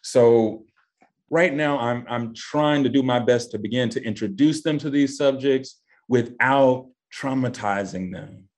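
A man's voice: measured pace, a little mellow. A man, answering interview questions with passion and emphasis. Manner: passionate, emphatic, voice rising high when stressing points. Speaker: guest. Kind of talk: impassioned interview talk.

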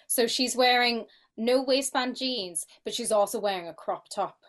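A woman's voice: fairly high pitch, moderate pace, a bit bright. A woman co-hosting a casual podcast, chiming in with teasing asides. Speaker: podcast co-host. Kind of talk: casual chat.

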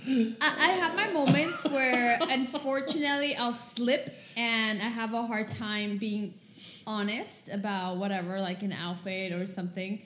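Woman podcast co-host, blunt, rambling, high voice, echoey room. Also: steady tone, measured pace, fairly bright tone, slight background noise. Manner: blunt, rambling, laughs often. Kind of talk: casual chat.

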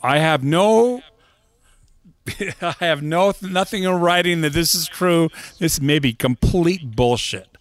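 Man, guest drummer, casual anecdotes, acts out voices, slightly high voice, dry close sound. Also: slow, dry recording. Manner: animated anecdote teller, acts out the voices in his stories. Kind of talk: casual storytelling chat.

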